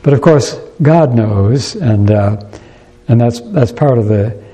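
A man preaching a sermon in a church, unhurried and thoughtful, pausing often and restarting his sentences. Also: medium pitch, lively intonation, dark tone, low-quality recording.

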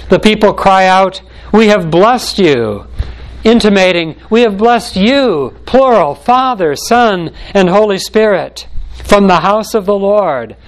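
Emphatic preacher man, slightly high voice. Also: low-quality recording. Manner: measured, emphatic preaching with slow stressed phrases. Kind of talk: sermon.

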